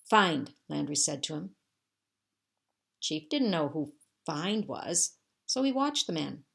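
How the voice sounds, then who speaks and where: Low-voiced teacher reading aloud. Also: female voice, very animated, slow pace, gravelly, breathy edge. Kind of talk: reading a chapter book aloud to children.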